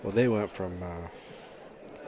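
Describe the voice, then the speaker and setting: A man's voice: deep voice, takes it slowly, noisy background. A man giving casual, joking color commentary on a pool match and teasing his partner.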